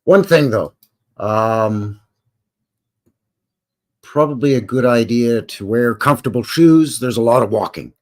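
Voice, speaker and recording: A man's voice: mid-range voice, a little slow, pauses often. An older man with a Canadian accent, hosting a live stream in a rambling, folksy and jokey way with slangy asides. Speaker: livestream host. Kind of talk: casual live chat.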